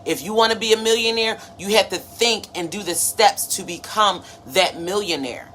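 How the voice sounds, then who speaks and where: A woman's voice: medium pitch, moderate pace, a bit bright. A woman in her thirties hosting a motivational live stream, preachy and conversational, greeting viewers by name. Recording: faint background noise.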